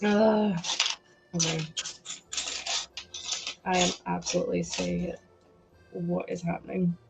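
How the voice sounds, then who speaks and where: A young woman hosting a live stream, chatting excitedly and laughing as she builds a toy set. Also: fairly low pitch, slow pace, creaky, over loud music. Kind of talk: casual chat while building a toy set.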